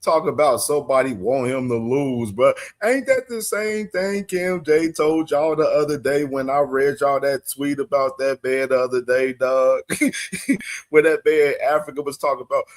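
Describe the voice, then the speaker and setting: A man's voice: mid-range voice, fairly even intonation, normal speed. A young man hosting a casual boxing commentary stream, talking in loose slang, repeating himself and breaking into hard laughter. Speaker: boxing show host.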